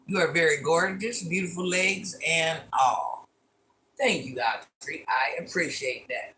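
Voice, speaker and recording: A woman's voice: low voice, measured pace, a bit bright, slight background noise. A woman around fifty chatting on a phone livestream from her living room, reading viewer comments aloud and teasing back in a playful, repetitive way. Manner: chatty and teasing, repeats lines playfully, calls herself Granny.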